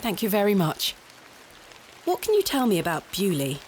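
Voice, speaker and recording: A woman's voice: medium pitch, wildly swooping pitch, moderate pace, slight background noise. An actress voicing a reserved, determined young woman archaeologist who speaks formally and politely. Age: young adult. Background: loud game music and rain.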